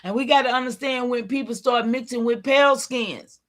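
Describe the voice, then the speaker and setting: A middle-aged woman hosting a livestream, talking in a preachy way and calling out to her viewers, with a tickle in her throat that makes her clear it often. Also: on the high side, brisk. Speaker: livestream host. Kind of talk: casual livestream talk.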